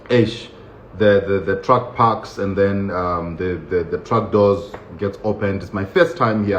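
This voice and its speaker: A man telling his own story in a casual, animated way, laughing often and acting out the voices of others. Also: lowish voice. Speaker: show host recounting his own experience. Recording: roomy, dull lo-fi sound with faint hiss.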